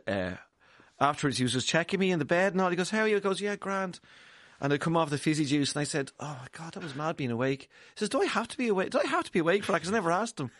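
A man with an Irish accent, chatting as a guest and telling a story with lively acted-out voices. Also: on the high side, no room sound, clean studio sound. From Ireland. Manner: animated storyteller, acts out voices of others. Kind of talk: casual chat.

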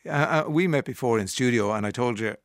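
A man's voice: mid-range voice, fairly quick. A man hosting a live radio interview, chatty with frequent restarts. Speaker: radio host.

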